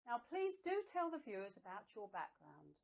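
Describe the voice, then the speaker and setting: A woman's voice: medium pitch, very animated, normal speed, creaky. A woman as a prim, eager TV presenter. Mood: polite. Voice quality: prim, courteous. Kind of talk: comedy sketch acting.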